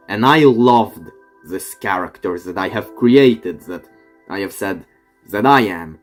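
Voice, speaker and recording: A young man giving an earnest, reflective personal monologue to camera, often trailing off quietly. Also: lowish voice. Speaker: vlogger.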